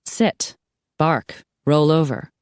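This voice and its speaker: Lady reading a sarcastic young woman, wry and lively, low dry voice. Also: takes it slowly, clear, resonant tone, no room sound.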